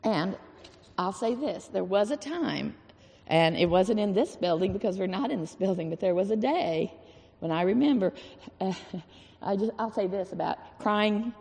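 A woman's voice: medium pitch, lively intonation, moderate pace, creaky, a little mellow, big-room sound. A woman giving an informal, earnest sermon in a folksy way, repeating phrases for emphasis. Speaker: church speaker.

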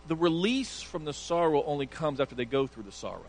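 A man's voice: fairly high pitch, lively intonation, brisk, a little hiss or hum, low-quality recording. Earnest male pastor preaching. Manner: earnest, stumbling restarts, emphatic. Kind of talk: sermon.

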